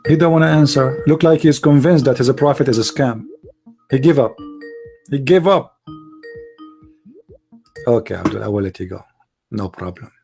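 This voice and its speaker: A man's voice: mid-range voice, normal speed, vocal fry, pauses often, mellow, soft background music. A man hosting a live debate stream, arguing emphatically with rhetorical questions and non-native grammar. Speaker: live debate show host.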